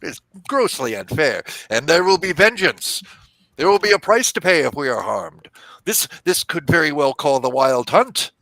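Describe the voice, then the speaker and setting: A man's voice: fairly high pitch, very animated, moderate pace, vocal fry, sharp tone, dry recording, pitched above the performer's own voice, heavily acted, rough recording. A man voicing a small, indignant male fey creature who stammers defensively.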